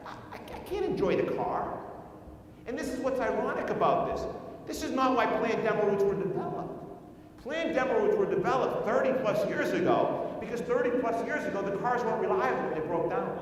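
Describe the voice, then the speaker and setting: A man's voice: expressive, brisk. A man giving a keynote talk at a conference, telling a story and firing rhetorical questions at the audience. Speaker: conference speaker. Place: large conference hall. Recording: echoey hall recorded from far off, faint rumble.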